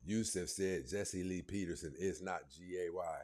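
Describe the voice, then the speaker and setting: A man's voice: low-pitched, normal speed, a little mellow. A man hosting a reaction commentary, mocking and laughing as he riffs. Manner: mocking, laughing, jokey asides. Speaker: commentary host.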